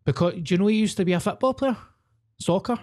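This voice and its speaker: A young Scottish man co-hosting a podcast, chatting eagerly about films. His tone is dark and mellow, and he keeps slipping friendly "mate"s into his casual talk. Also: high-pitched, fast talker. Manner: enthusiastic, says "mate" constantly. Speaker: podcast co-host. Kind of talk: casual chat.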